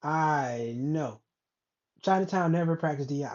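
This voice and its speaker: A woman's voice: deep voice, lively intonation, a little fast, a little mellow. A woman hosting a casual commentary show, ranting in a blunt, rambling way with plenty of profanity. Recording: dull lo-fi recording.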